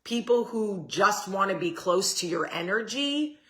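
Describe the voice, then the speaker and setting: Slow, bright-voiced woman hosting a chatty livestream. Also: medium pitch, lively intonation. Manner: chatty, talks straight to viewers and reads their comments aloud; swears casually. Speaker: host. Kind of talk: casual livestream chat.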